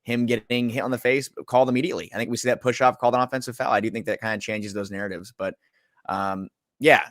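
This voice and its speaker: A low-voiced man hosts a sports talk show. He chats loosely, with plenty of fillers, and the studio sound is dry and close. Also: a bit bright, no echo. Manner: casual, rambling, with fillers. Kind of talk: sports radio discussion.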